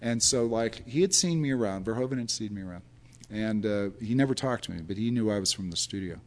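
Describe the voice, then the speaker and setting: An older man tells long, rambling anecdotes in a relaxed interview. His voice sits a little low, and he keeps acting out other people's lines with bursts of laughter along the way. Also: brisk. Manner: rambling, animated storyteller who acts out quotes and laughs often. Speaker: film historian guest. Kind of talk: casual anecdotal storytelling.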